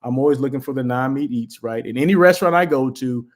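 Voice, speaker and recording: Talking fast in a mid-range voice, a man hosts a live daily show with casual livestream chat. He rambles, piling on asides and frequently restarting his sentences.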